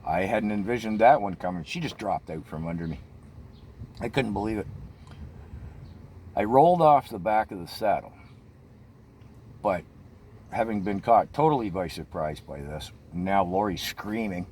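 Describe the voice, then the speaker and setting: Older male storyteller, low register, tense and halting delivery, light ambient noise. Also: expressive, a little mellow. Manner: tense, halting retelling with many restarts. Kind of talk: personal storytelling.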